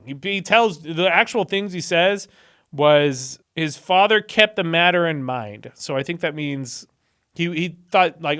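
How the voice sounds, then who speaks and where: A man's voice: on the high side, a little slow, a bit bright, smooth. A young man hosting a video, casually retelling Bible stories with irreverent, sarcastic asides. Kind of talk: casual commentary.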